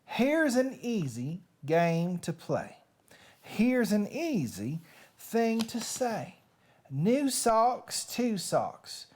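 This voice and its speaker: A pushy male storybook fox, read by a woman, coaxes his friend through tongue twisters in a put-on Southern US drawl. The delivery is slow and sing-song, the pitch bounding high and low. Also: big pitch swings, a little mellow, slight background noise. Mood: coaxing.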